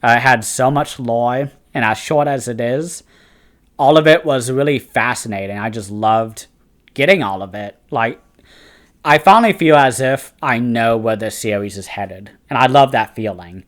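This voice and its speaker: A man's voice: mid-range voice, moderate pace. Eager, chatty man reviewing manga. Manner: eager and chatty, frequent "uh" fillers and restarts. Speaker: host of a fantasy book and manga review channel. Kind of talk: casual spoken review.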